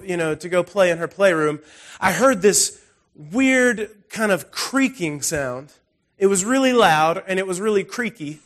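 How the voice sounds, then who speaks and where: Man, pastor, high-pitched, conversational sermon, storytelling, restarts. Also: a bit bright. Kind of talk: sermon with personal stories.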